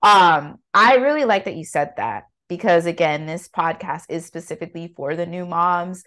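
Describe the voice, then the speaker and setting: A woman hosting a podcast for new moms, chatty and excitable, with sudden loud bursts and lots of fillers. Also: fairly low pitch, normal speed. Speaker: podcast host. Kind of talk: casual podcast conversation.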